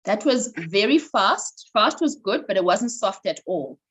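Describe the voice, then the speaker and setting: A woman leading an online voice workshop over a video call, animated and coaxing. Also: medium pitch, measured pace, husky, rough recording. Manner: animated, instructive, coaxing participants. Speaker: voice coach running a workshop.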